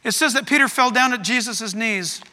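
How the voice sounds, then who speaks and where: High, bright-voiced preaching pastor. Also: male voice, moderate pace, in a large hall. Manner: animated preaching, swings from soft to loud. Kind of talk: sermon.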